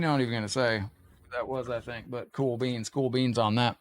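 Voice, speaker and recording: A man's voice: medium pitch, fairly even intonation, moderate pace, soft background music. Casual man streaming a fighting game. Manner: casual, chatty, greets viewers mid-match. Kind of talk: live gameplay commentary and chat.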